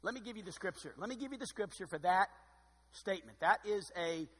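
A man preaching a sermon as pastor, expressive and dryly sarcastic, with loud emphatic bursts and quiet asides. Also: high-pitched, a little fast, slightly rough, long reverb tail.

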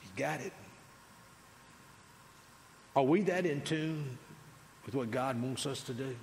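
A male pastor preaching a sermon, swinging between loud declarations and quiet asides. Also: on the high side, fairly even intonation, moderate pace. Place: large church sanctuary. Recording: long hall reverb.

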